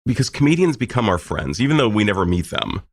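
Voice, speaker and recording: A man's voice: on the low side, sing-song, quick pace, slight background noise. A middle-aged man hosting an interview podcast, speaking in a reflective way with personal asides. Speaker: podcast host. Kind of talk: casual interview talk.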